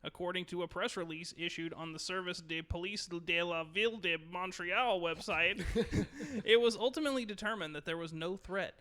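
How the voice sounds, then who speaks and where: A man's voice: sits high, normal speed. A man co-hosting a gaming podcast who chats easily and reads news stories aloud, stopping now and then to correct himself. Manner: easygoing, trails off softly, corrects himself while reading. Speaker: podcast co-host. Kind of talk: casual chat and reading news aloud.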